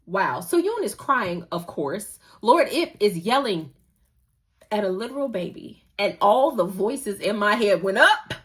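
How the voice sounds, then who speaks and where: A young woman hosting a casual recap show, animated and gushing, laughing often as she retells scenes. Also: medium pitch, measured pace. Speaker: podcast host recapping a drama.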